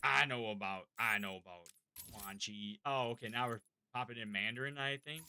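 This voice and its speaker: A man's voice: fairly low pitch, moderate pace, sharp tone, slight background noise. A man live-streaming a game, chatting casually with his viewers, rambling and swearing freely.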